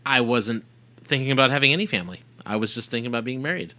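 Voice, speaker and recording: A man's voice: mid-range voice, fast, bright, forceful tone. A man co-hosting a podcast with his wife, reading listener questions in a playful, teasing way. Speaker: podcast co-host. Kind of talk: casual chat.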